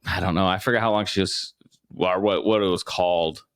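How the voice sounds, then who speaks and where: A man's voice: low voice, fairly even intonation, brisk, a bit bright, smooth. A man co-hosting a podcast in casual chat, loose and swearing, with lots of filler words. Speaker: podcast co-host.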